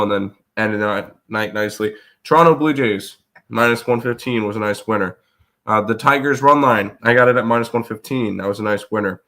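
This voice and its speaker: A man hosting a live sports betting show, congested and rough-throated, recapping results in a rambling way full of fillers. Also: mid-range voice, pushed and bright. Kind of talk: casual live-stream chat.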